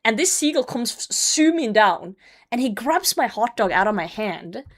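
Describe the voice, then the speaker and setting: At a normal speed, a young adult woman tells her stream chat a wandering story in a casual way. She gets animated and swears without holding back, then drops to low mumbles when finishing each thought.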